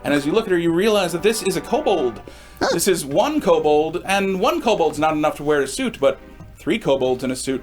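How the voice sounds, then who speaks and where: A man's voice: high-pitched, fairly bright tone. A man narrating a tabletop game as game master, playful and tripping over his words.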